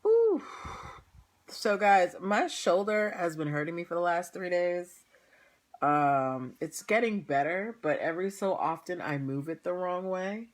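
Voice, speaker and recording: A young woman hosting a livestream chats casually with viewers before the show, speaking a little slowly in a fairly low voice. She's tired, yawning, and laughing often.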